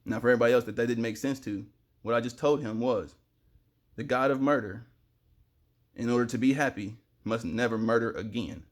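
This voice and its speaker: A young man in a fast, excitable, rambling spiritual monologue to camera, sweating in the heat and breaking into sudden loud outbursts. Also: mid-range voice.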